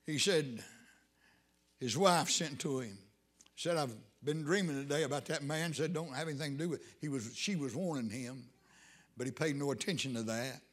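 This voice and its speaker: A man's voice: medium pitch, moderate pace. A man preaching a sermon in an emphatic, rising style, with folksy Southern grammar.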